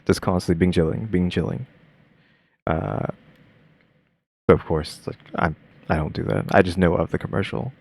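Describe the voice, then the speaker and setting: A man's voice: low voice, steady tone, normal speed, gravelly, long pauses, a little mellow, husky, no room sound. A man streaming a reaction video, talking casually and rambling with lots of fillers and restarts. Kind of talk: casual commentary.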